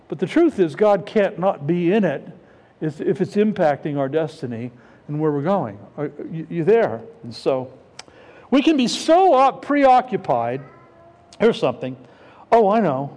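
High, lively-voiced male pastor preaching. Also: normal speed. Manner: conversational, repeats himself, asks the congregation questions. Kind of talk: sermon. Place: church sanctuary. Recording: long hall reverb.

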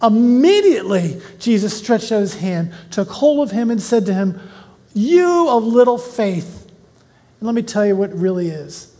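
Bible teacher reading verses aloud; measured reading, casual asides, questions to the class, long hall reverb. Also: mid-range voice, animated, mellow. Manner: reads verses slowly, then explains in a chatty way with questions to listeners.

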